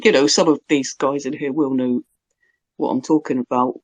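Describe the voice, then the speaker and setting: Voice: mid-range voice, fairly even intonation, moderate pace, a crowd in the background. A speaker, talking in slangy, rambling, sardonic casual chat. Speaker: live audio room speaker.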